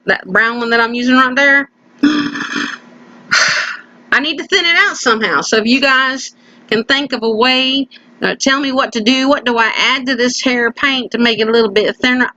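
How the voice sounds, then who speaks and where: A woman's voice: a little high, pushed and bright, dry recording, rough recording. A woman hosting a crafting video, chatting playfully as she works and often slipping into a put-on folksy country voice. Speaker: craft channel host. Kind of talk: casual crafting voice-over. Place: at home.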